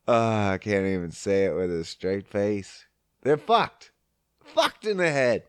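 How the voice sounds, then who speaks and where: A man's voice: lowish voice, lively intonation, takes it slowly, clean tone, no room sound. A man hosting a solo podcast, ranting in a sarcastic, profane, exasperated way. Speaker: podcast host. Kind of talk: casual solo podcast rant.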